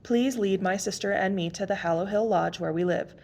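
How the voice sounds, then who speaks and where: A woman's voice: medium pitch, brisk, vocal fry, darkish tone. A woman reading aloud and voicing a proud, formal young woman who answers sharply and correctly.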